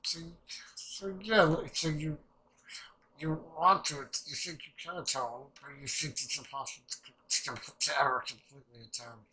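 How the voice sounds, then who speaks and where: A young man rambling excitedly through a casual reaction commentary, swearing freely and restarting his sentences. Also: fairly high pitch, moderate pace, poor audio. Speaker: anime reaction channel host.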